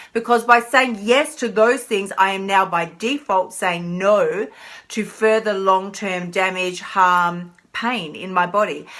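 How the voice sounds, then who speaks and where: Bright, playful woman coach. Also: mid-range voice. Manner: playful, emphatic, repeats phrases for effect. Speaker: weight-loss coach. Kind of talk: live-stream motivational talk.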